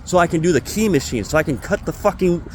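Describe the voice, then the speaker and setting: A man's voice: on the high side, animated, fast talker, a little hiss or hum. A man venting angrily and with lots of swearing in a casual vlog about his retail job. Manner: angry, profane ranting. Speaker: retail store employee.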